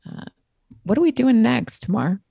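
A woman's voice: a little high, sing-song, moderate pace, creaky, mellow, breathy edge, dry recording, clean studio sound. A woman co-hosting a podcast in casual chat, upbeat and encouraging, with lots of filler words. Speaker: podcast co-host.

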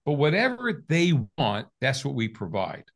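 A man's voice: medium pitch, moderate pace, creaky. An older man, a sales coach, telling a story with energy and acting out both sides of the conversation as an interview guest. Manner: lively storyteller, acts out both sides of dialogue.

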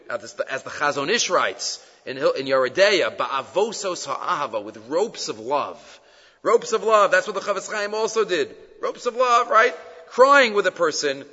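A man teaching a Torah class as a rabbi, an animated storyteller who mixes Hebrew phrases into his English. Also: fairly high pitch, in a large hall, lo-fi sound. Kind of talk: Torah class with retold stories.

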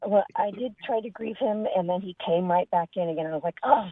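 A woman's voice: medium pitch, fairly quick. Woman caller on a phone line, frustrated, wants reassurance.

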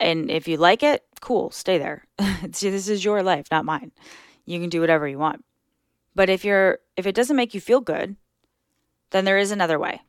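A woman's voice: fairly low pitch, clear, resonant tone, no room sound. Earnest woman podcaster, dry close sound. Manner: earnest, reflective, coaching listeners. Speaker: podcast host. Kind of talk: casual solo podcast talk.

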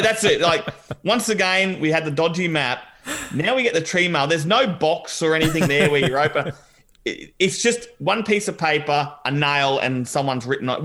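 A man's voice: on the high side, bright, forceful tone. A man co-hosting a podcast, chatting casually through a reality show recap and laughing as he retells scenes. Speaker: podcast co-host.

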